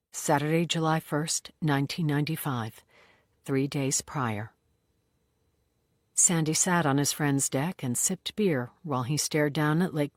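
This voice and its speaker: A narrator reading a crime novel aloud in an even, measured storytelling voice. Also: medium pitch, dry recording, studio quality. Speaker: audiobook narrator. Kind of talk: scripted narration.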